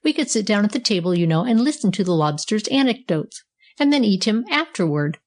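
A woman's voice: medium pitch, sing-song, brisk, darkish tone, natural voice. A woman voicing Tom, a curious young boy in a storybook who is easily perplexed, speaking eagerly and fretfully.

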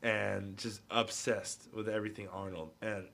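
A man's voice: fairly low pitch, level tone, a little slow, vocal fry, a bit bright. A man co-hosting a casual movie podcast, telling laid-back, slangy stories about his friends. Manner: laid-back storytelling, slangy, says dude a lot. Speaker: podcast co-host.

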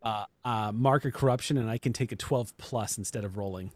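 Low-ish guy explaining his moves at a tabletop game, calm and measured. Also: no room sound. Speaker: player.

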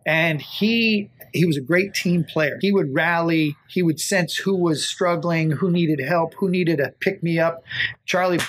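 A man telling stories as a guest in a casual interview, animated and acting out quotes with laughs. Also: on the high side, unhurried, a little hiss or hum, rough recording. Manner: animated storyteller, acts out quotes with shouts and laughs. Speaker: guest, golf TV host.

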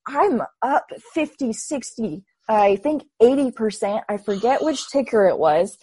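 A woman's voice: on the high side, unhurried, slightly rough, no room sound. Young woman telling a story, dry sound. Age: 20s. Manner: animated, acts out her own past thoughts. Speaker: interview guest. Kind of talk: casual storytelling.

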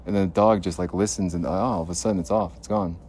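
A man's voice: low-pitched, steady tone, quick pace, darkish tone, slight background noise. A man recording a rambling podcast monologue on his phone in an outdoor parking lot at night, muttering and talking to himself in a paranoid way. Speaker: podcast host.

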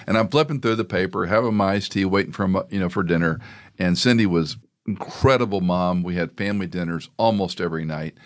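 Middle-aged male pastor-host, very low voice, earnest and folksy in conversation. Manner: earnest storytelling, folksy asides. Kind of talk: conversational interview.

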